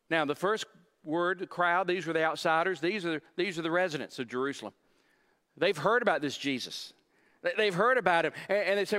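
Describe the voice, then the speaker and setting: A man's voice: fairly high pitch, animated, fairly quick, a bit bright. A pastor preaching a sermon, earnestly explaining scripture and often repeating his words as he restarts. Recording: long hall reverb.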